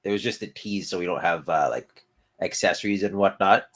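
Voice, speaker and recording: Brief: male co-host with a somewhat low voice, easygoing and ribbing. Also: brisk. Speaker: podcast co-host. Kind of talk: casual chat.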